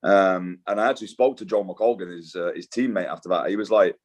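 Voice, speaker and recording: A man's voice: low voice, fairly quick, a little mellow. A young British man, a fighter, talking in a laid-back, slangy way as an interview guest, swearing and saying "dude" a lot. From Britain. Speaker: guest, mixed martial arts fighter. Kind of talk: casual interview chat.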